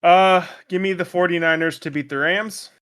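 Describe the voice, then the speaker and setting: A man's voice: high voice, fairly even intonation, moderate pace, fairly bright tone, smooth. A man co-hosting a casual sports betting podcast, pushing back at his co-host in an exasperated way. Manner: exasperated, pushes back hard.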